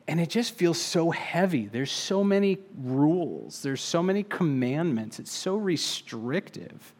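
A man preaching a sermon in an earnest, measured way, slowing down to stress key phrases. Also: on the high side, a little mellow.

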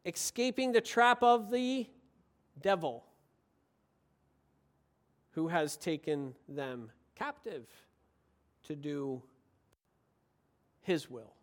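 A man preaching a sermon with passion, moving from quiet, reflective passages into excited, emphatic ones. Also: fairly high pitch, drawn-out words, long pauses.

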